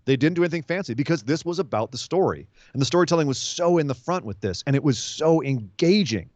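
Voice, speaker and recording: A man hosting a wrestling podcast, giving an animated, casual recap and acting out quotes as he tells it. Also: on the high side, fast talker, no room sound, muffled recording.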